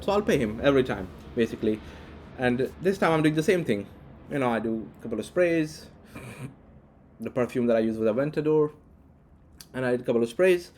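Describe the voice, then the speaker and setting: A man tells a long personal story straight to camera in a loose, casual vlog style. His voice is mellow and sits at a middling pitch. He wanders, restarts sentences and leans on fillers as he goes. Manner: rambling, frequent restarts and fillers. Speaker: vlogger.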